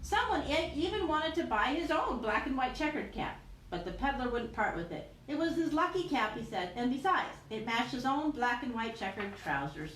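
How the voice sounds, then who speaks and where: A woman, a teacher, reading a picture book aloud with animated storytelling. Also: sits high, normal speed. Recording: roomy echo with faint noise.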